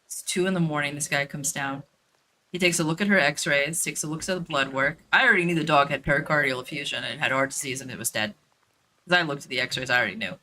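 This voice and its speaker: A woman's voice: deep voice, bright, forceful tone, a little hiss or hum. A woman telling a story in a blunt, profane, casual way while streaming a game, with lots of fillers and repeats.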